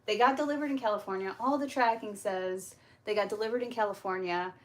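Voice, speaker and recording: A young woman hosting a homestead livestream, telling a story in a casual, animated way, swearing and acting out the exchanges. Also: medium pitch, brisk. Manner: animated, profane, acts out quoted exchanges. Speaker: homestead channel host.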